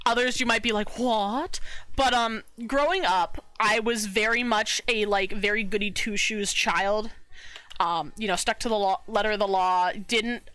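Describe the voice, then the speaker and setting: A woman's voice: on the high side, bright, forceful tone. A young woman streaming while she draws, chatting casually in a bubbly, giggly way and sometimes muttering to herself.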